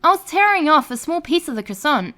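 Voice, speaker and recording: A woman reads online stories aloud with a high voice. Her pitch swings widely, giving every line a lively, animated storytelling lilt. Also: a little fast. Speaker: narrator.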